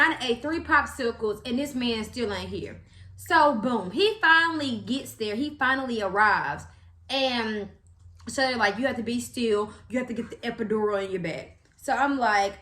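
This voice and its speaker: A young woman, telling a story to camera in a chatty, animated way, with slang and acted-out quotes. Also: a little high, normal speed, roomy sound. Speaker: vlogger.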